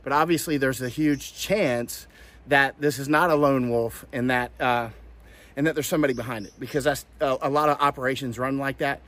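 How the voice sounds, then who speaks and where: A man's voice: mid-range voice, steady tone, normal speed, a bit bright. A man from Florida giving casual commentary, rambling with many restarts and fillers. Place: outdoors, in hot weather.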